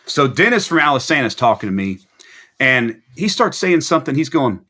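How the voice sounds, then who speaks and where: A musician appearing as a guest on a video interview tells a long, rambling story, animatedly quoting and acting out the people in it. His voice is medium-pitched and fairly quick.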